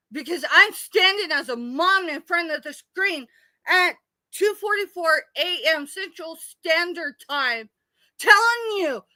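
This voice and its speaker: A woman's voice: high voice, bright, forceful tone, no echo. A middle-aged woman, ranting angrily and tearfully on a late-night live stream. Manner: angry, tearful, confrontational.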